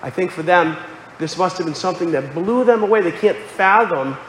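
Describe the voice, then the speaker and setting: A man's voice: sits high, lively intonation, normal speed, a little hiss or hum. A man preaching a sermon, earnest and explanatory, quoting scripture aloud. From Connecticut. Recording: echoey hall with faint ambience.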